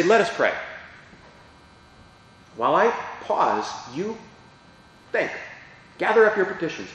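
Chatty priest in an echoey church. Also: male voice, a little high. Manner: chatty, asks the audience questions. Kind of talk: explanatory catechesis talk.

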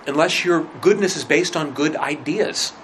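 A man teaching a religion class in a conversational lecture, asking rhetorical questions and often pausing with fillers. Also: fairly high pitch, a bit bright, a little hiss or hum, rough recording.

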